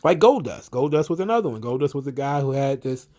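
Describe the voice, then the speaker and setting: A man hosting a casual wrestling commentary, talking in an animated, profane, rambling way with lots of fillers. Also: medium pitch, fast.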